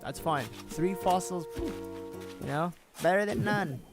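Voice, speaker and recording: Over game music, this streamer chats in a high-pitched, slow voice as he plays. He wanders off topic, backtracks to fix what he said and laughs a lot.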